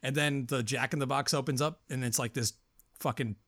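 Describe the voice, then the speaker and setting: A man co-hosts a casual horror movie podcast, talking about films in a profane, rambling, animated way and swearing as he goes. His voice sits at medium pitch and moves a little fast, with no room sound.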